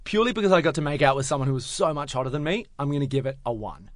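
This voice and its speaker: A man in his twenties telling a story in casual podcast chat, acting out the other people with big jumps in pitch. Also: rapid-fire, no room sound, clean studio sound. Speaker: podcast co-host.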